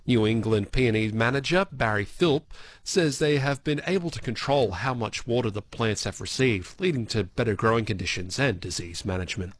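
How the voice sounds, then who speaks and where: A man's voice: mid-range voice, moderate pace. An Australian man reading local radio news and chatting afterwards, with a snuffly, congested voice from a head cold. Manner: relaxed, chatty. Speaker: newsreader.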